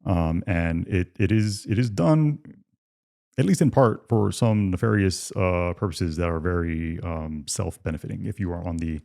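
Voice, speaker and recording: A man's voice: sits low, moderate pace, creaky, dark tone. A man co-hosting a casual podcast, making his points emphatically with rhetorical questions and repeated words. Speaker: podcast co-host.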